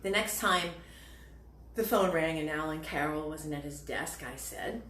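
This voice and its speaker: A woman's voice: deep voice, measured pace, fairly bright tone, slight background noise. A woman from Ohio telling chatty, self-mocking stories between songs at a home concert, recorded on a camera set above her. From Shadyside, Ohio, USA. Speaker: cabaret singer. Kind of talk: cabaret patter. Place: home room. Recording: roomy home room with faint music.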